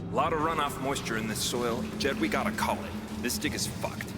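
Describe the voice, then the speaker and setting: An actor playing a gruff male miner who urges his boss in urgent, profane shouts. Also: mid-range voice, normal speed, over loud music, close to an everyday voice. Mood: grim.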